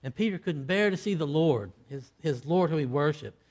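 A man preaching a sermon, acting out scripture dialogue, with loud emphatic peaks that fall to hushed, low line endings. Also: animated, moderate pace. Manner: acts out quoted lines in old-fashioned scripture wording.

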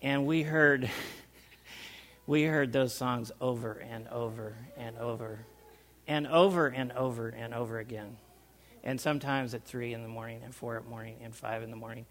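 A man telling a personal story to a small group, animated, with loudness swinging up and down and sounds acted out. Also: medium pitch, moderate pace. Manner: animated, loudness rising and falling, acts out sounds. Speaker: speaker recounting life overseas.

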